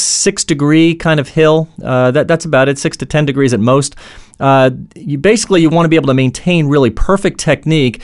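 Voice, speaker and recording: A man with a medium-pitched voice gives an earnest instructional talk as a coach. He explains through stories and imagined dialogue, with frequent fillers and restarts.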